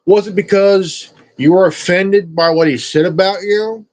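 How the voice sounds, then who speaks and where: A man's voice: high-pitched, steady tone, measured pace, a little mellow, rough recording. A man streamer ranting at someone in a confrontational, profane, repetitive way. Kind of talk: confrontational rant.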